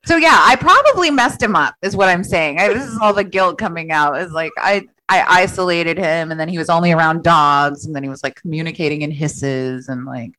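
A woman's voice: low voice, a little fast, few pauses, bright, forceful tone, poor audio. Chatty woman telling rambling stories. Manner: rambling, self-deprecating, filler-heavy storytelling with frequent laughs. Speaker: podcast guest. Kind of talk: casual chat.

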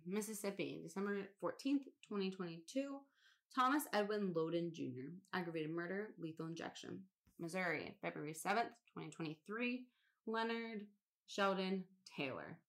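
A woman co-hosting a laid-back podcast with a slightly low voice. She reads a long list aloud in a casual way, swearing now and then and laughing at odd names. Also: moderate pace. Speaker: podcast co-host.

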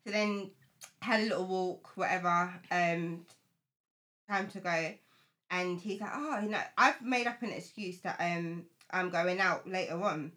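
A woman's voice: lowish voice, measured pace, bright, forceful tone. A young woman telling a date story in casual chat, acting out quotes and laughing often.

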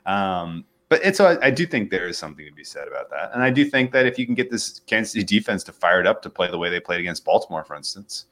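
Man, very low voice, casual sports betting talk, rambling, lots of ums. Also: big pitch swings, fast talker, few pauses, a bit bright. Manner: rambling, frequent ums and restarts.

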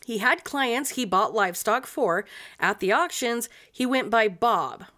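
A woman's voice: fairly high pitch, lively intonation, a little slow, a bit bright. A woman hosting a podcast, telling a true-crime story in a casual, profane, blunt way.

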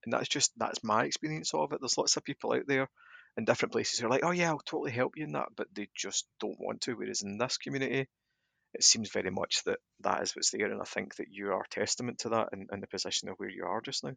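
Lowish-voiced male host, brisk and bright, recorded dry. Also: vocal fry, slightly rough, no echo. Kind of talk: casual chat.

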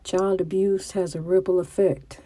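A woman's voice: lowish voice, flat delivery, normal speed, warm tone, dry recording. A middle-aged woman with a country way of talking and a slight stutter, giving a preachy religious testimony and often restarting her words. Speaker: mother.

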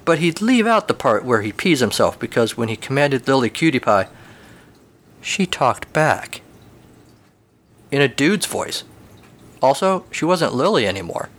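A man narrating a comic story in a wry, deadpan manner. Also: medium pitch, moderate pace.

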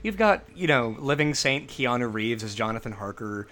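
A man co-hosting a casual podcast about old horror movies, enthusiastic and full of quick asides. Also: medium pitch, animated, fairly bright tone. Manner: enthusiastic, riffs with quick asides and silly quoted voices. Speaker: podcast co-host.

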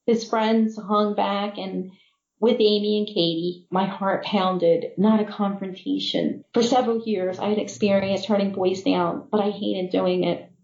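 A woman author reading her own novel aloud in measured first-person storytelling. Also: mid-range voice, steady tone, darkish tone, reverberant, highs cut off.

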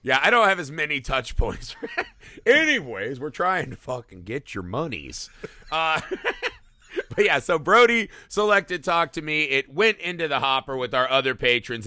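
A man hosting a podcast in casual chat, lively and swearing freely, laughing often. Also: mid-range voice, moderate pace, no room sound. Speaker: podcast host.

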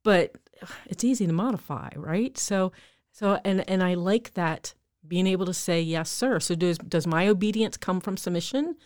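A woman's voice: on the low side, normal speed, darkish tone, dry recording, clean studio sound. A woman co-hosting a casual chat, candid and reflective, often laughing as she talks. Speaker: podcast co-host.

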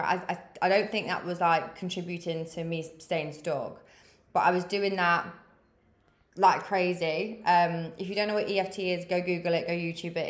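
A woman's voice: lowish voice, roomy sound. A woman of thirty giving a frank, motivational pep talk as a podcast host. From England. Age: 30s. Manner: frank, swears freely, big-sister tone. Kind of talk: candid motivational chat.

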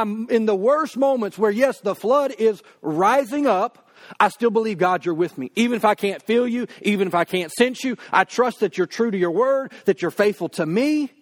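A man preaching a conversational sermon, acting out quoted prayers in a slow, drawn-out voice. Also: high-pitched. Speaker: pastor.

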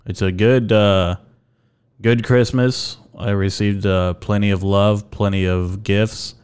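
A man's voice: on the low side, steady tone, slow pace, darkish tone, smooth. A young man hosting his own podcast alone, rambling and joking casually, with lots of fillers and some swearing. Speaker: podcast host. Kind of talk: casual solo podcast chat.

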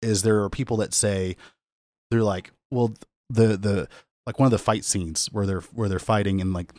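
A man's voice: fairly low pitch, fairly even intonation, fairly quick, a little mellow, dry recording. A man co-hosting a podcast, chatting casually and enthusiastically with many restarts. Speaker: podcast co-host. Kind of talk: casual chat. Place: podcast studio.

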